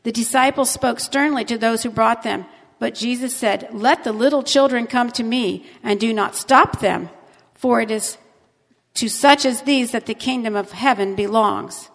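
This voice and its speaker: A woman with a fairly high voice leads a children's sermon, coaxing and gentle as she talks to little ones. Her voice carries a long reverb, as in a big hall. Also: normal speed, vocal fry.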